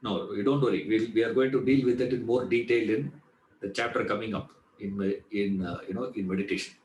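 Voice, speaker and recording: A man's voice: on the low side, steady tone, brisk, darkish tone, reverberant, slight background noise, rough recording. A man teaching a Vedanta class in a chatty way, asking rhetorical questions and answering them. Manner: conversational, repeats "you know", asks rhetorical questions and answers them. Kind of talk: spoken class lecture.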